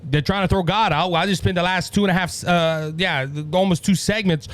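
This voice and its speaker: A man's voice: sits high, steady tone, brisk, fairly bright tone. A man with a Cajun accent hosting a conservative political commentary show, talking in an impassioned, repetitive way with many stammered restarts. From Louisiana. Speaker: podcast host.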